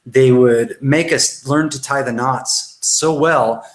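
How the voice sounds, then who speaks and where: A man's voice: mid-range voice, takes it slowly. A man coaching a self-help workshop, talking loosely and swearing freely as he demonstrates exercises to camera. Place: indoor room. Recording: roomy echo, faint noise.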